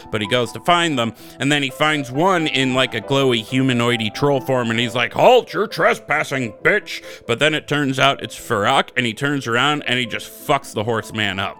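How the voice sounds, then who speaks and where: A man's voice: medium pitch, bright, forceful tone. A man co-hosting a gaming podcast, rambling through a joking, profane recap in casual chat. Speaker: podcast co-host.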